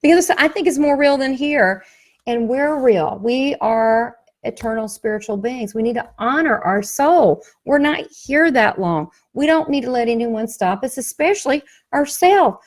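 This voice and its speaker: A woman's voice: a little high, a little slow. A woman with a Southern US accent, a psychic medium promoting her class, talking in an emphatic, folksy way. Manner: emphatic, folksy, animated storytelling. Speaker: psychic medium, workshop host. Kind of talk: motivational promo talk.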